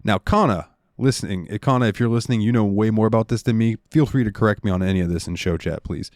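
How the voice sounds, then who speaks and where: A man's voice: on the low side, fast, darkish tone, no room sound, clean studio sound. A young man co-hosting a gaming podcast, telling stories in a loose, rambling way with lots of fillers. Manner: rambling storyteller, lots of ums and likes. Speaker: podcast co-host. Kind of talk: casual chat.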